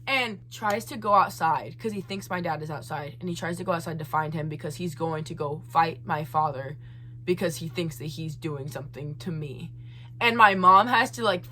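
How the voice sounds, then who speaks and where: A young woman vlogger telling a story in a casual, animated and exasperated way, full of asides. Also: medium pitch.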